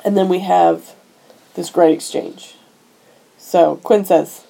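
A woman with a lowish, mellow voice retells a film scene by scene in a relaxed podcast chat. She slips into the characters' lines as she goes, keeping the story moving. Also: slow, creaky, rough recording. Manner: animated storytelling, acting out dialogue. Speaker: podcast host recapping a film. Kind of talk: casual chat.

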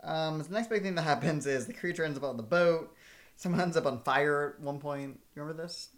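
A young adult woman co-hosting a podcast, recapping a film's plot in a relaxed, dry, casual way. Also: sits low, a little fast. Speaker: podcast co-host. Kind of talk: casual chat recapping a film.

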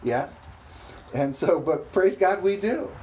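A male pastor delivering a sermon, his voice a little higher than most men's. He reads scripture slowly and with emphasis, pausing for the congregation to answer back. A faint hiss sits under the recording. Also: expressive, a little mellow, rough recording. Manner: slow, emphatic preaching with call-and-response.

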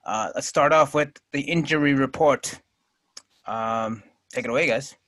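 A man's voice: medium pitch, unhurried, fairly bright tone. A man hosting and moderating a casual group podcast, joking and laughing often.

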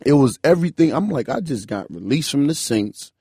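A man in his twenties telling a story in loose casual chat, animated and full of "bro" and "like". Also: mid-range voice, brisk, slightly rough, no room sound, clean studio sound. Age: 20s. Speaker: podcast guest.

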